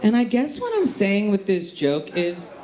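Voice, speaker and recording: Animated woman doing stand-up. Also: mid-range voice, measured pace. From Chicago area. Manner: lively, animated, punchy delivery. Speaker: stand-up comic. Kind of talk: stand-up comedy set. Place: comedy club stage. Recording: live club with echo and crowd laughter. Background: laughing audience.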